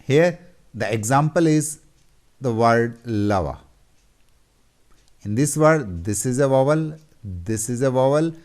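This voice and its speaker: Male teacher explaining a lesson, unhurried and deliberate, repeats key terms. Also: mid-range voice, animated, darkish tone. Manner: slow, deliberate, repeats and points at examples. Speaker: English teacher.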